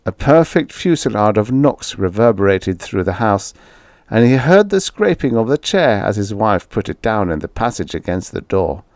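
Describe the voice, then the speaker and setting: A man narrating a vintage horror short story as an audiobook, in a slow and dramatic storytelling manner. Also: fairly low pitch, sing-song, a little mellow, no room sound.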